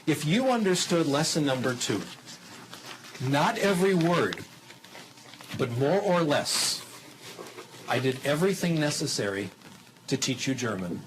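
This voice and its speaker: A man lecturing on how people acquire language for a television audience, teaching in a lively, demonstrative way with rhetorical questions and stretches of simple, slow German. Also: fairly high pitch, slight background noise, poor audio.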